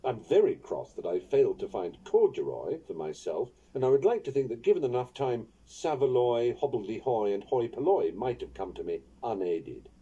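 A man narrates his own guide to poetry with a wry, playful touch, his voice very dark and mellow. His pitch rises and falls in lively swoops as he savours each word. The audiobook recording sounds dull and lo-fi. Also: normal speed, few pauses, husky. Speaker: author reading his own book on poetry. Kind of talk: audiobook narration of an instructional book.

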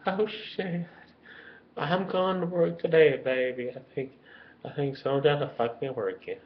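A man putting on a sassy, flirty woman's voice in a mocking high falsetto. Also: moderate pace, muffled recording, natural voice. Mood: brash.

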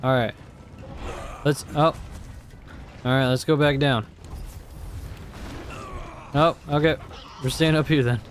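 A man's voice: mid-range voice, fairly even intonation, slow, long pauses, faint music behind. A young man commenting on his own gameplay, exasperated and cursing often as he talks to himself. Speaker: gamer.

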